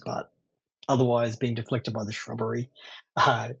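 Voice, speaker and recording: A man runs a tabletop game in a gravelly, husky voice, chatting freely and laughing as he narrates. The recording sounds dull and lo-fi. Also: mid-range voice, level tone, a little slow. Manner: chatty, laughs often, digresses. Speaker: game master.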